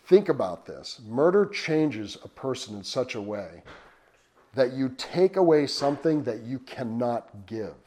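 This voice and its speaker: A man preaching a sermon, asking rhetorical questions and often dropping his voice to a hush. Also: medium pitch, big pitch swings, a little slow. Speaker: pastor.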